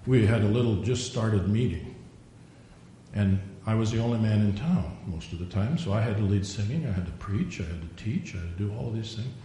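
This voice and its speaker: A man's voice: on the low side, fairly quick, dark tone. An older man preaching a sermon in a folksy storytelling way, acting out dialogue and prayers. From Norwegian. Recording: very echoey room, faint noise.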